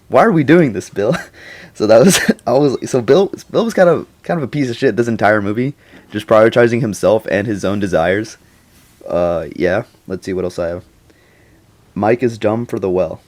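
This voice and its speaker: Young man, casual movie reaction, slangy, rambling, laughs a lot, mid-pitched voice. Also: expressive, brisk, a little mellow. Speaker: YouTuber.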